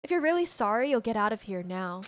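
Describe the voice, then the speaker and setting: A woman's voice: medium pitch, sing-song, quick pace, close to an everyday voice. A woman voicing a cool, stern young female detective in a visual novel, speaking in a cold, clipped way.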